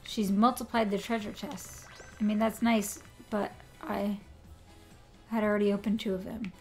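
A woman's voice: mid-range voice, flat delivery, moderate pace, a little mellow, faint music behind. A young woman chatting to herself as she plays a video game on a live stream. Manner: chatty, talks to herself while playing. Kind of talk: live-stream gameplay commentary.

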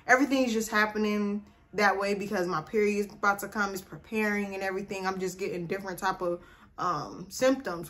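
A young adult woman telling a personal story to camera in a casual, animated vlog chat. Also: medium pitch. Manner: chatty, animated, addresses viewers. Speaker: vlogger.

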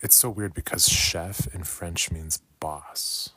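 A man chatting casually on a late-night livestream, talking softly and often slipping into whispers as he repeats phrases aloud. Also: low voice, fairly even intonation, slow, dry recording. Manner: chatty with viewers. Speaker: art livestreamer.

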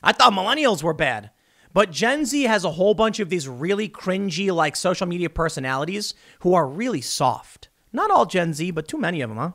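A man delivers casual political commentary for his vlog, sarcastic and animated. His voice sits high for a man and swings widely in pitch as he rants. He uses plenty of offhand filler. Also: a little fast. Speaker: host.

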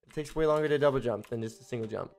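A young man giving casual, rambling commentary as he streams a video game, breaking into excited exclamations and cutting himself off mid-sentence. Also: mid-range voice, rapid-fire. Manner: chatty and rambling, with excited exclamations and self-interruptions. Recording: faint game music behind.

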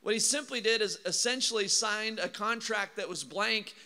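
A man's voice: sits high, normal speed, bright, forceful tone. A man preaching a sermon as pastor, in a conversational way, acting out reluctant replies with a chuckle. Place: church auditorium. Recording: long hall reverb.

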